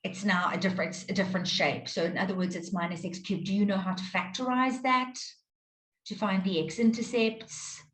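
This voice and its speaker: A woman's voice: mid-range voice, fairly even intonation, normal speed, fairly bright tone. Patient woman teaching maths in a roomy space. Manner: patient, checks in with students often. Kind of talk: live online maths lesson. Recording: roomy echo.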